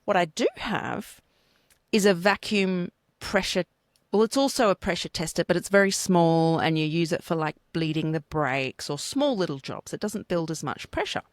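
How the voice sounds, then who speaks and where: A woman's voice: lowish voice, normal speed, no room sound. An Australian woman co-hosting a casual chat show, telling stories bluntly and with plenty of swearing. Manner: animated, blunt storytelling with swearing. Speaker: podcast co-host.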